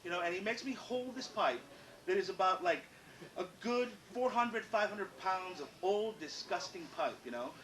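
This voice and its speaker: A man doing stand-up storytelling in an animated, profane, self-mocking way. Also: sits high, normal speed. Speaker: comedian. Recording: echoey room taped from far off, crowd.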